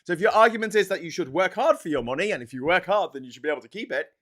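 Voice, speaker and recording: A man's voice: sits high, expressive, rapid-fire, a bit bright. Sarcastic man ranting on a stream. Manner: mocking, sarcastic, puts on whiny posh voices. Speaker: livestream host. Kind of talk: casual ranting chat.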